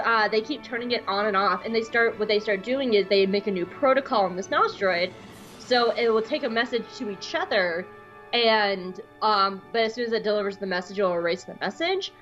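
A woman co-hosting a podcast, telling a story in a casual, excitable, gushing way. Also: medium pitch, fairly quick, muffled recording, soft background music. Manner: excitable, gushing, breaks into squeals. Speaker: podcast co-host.

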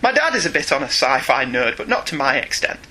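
A man's voice: medium pitch, sing-song, fairly quick, sharp tone, husky. A middle-aged British man co-hosting a podcast, reading listener emails aloud, teasing and laughing often. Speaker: podcast co-host, father.

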